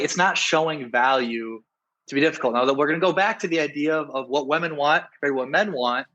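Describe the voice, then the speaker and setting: Earnest man with a slightly high voice. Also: a bit bright, muffled recording. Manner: earnest, keeps asking "right?", many restarts. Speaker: dating coach, guest. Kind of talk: casual interview talk.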